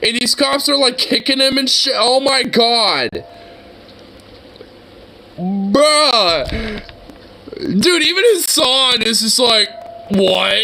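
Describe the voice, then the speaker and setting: Bright high-voiced man ranting profanely. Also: animated, slow, long pauses, rough recording. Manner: profane, exasperated, rambling with many fillers. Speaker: streamer reacting to a video. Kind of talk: casual reaction commentary.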